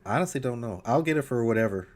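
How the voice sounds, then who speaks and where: A man's voice: medium pitch, lively intonation, rapid-fire. A man co-hosting a casual podcast in a laid-back, easygoing way, chuckling often. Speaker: podcast co-host. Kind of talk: casual chat.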